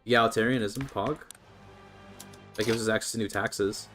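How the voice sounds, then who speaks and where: A man's voice: on the low side, fairly even intonation, normal speed, a bit bright, faint music behind. Laid-back Canadian man streaming a game. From Canada (British Columbia). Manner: chatty, laid-back, reads and answers chat. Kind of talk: casual strategy-game livestream commentary.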